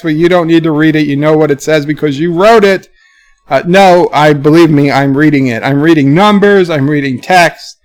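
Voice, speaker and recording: Male streamer, slightly high, smooth voice, reads chat up, answers low and offhand. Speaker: livestream host reading chat. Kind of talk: casual livestream chat.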